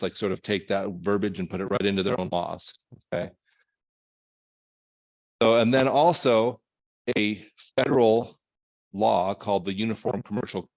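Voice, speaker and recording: A man's voice: on the low side, muffled recording. A man teaching a recorded college lecture in a conversational way, thinking aloud with fillers and correcting himself as he goes. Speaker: instructor.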